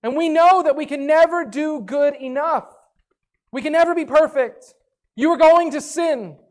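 A woman's voice: high voice, normal speed, a little mellow. A woman preaching a sermon in an earnest way, reading scripture aloud. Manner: earnest, reads scripture aloud, acts out listeners' voices.

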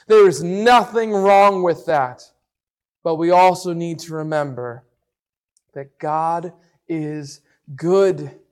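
Male preacher with a high voice and a slow, earnest, emphatic devotional delivery. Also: a little mellow, clear, resonant tone. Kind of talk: devotional Bible teaching.

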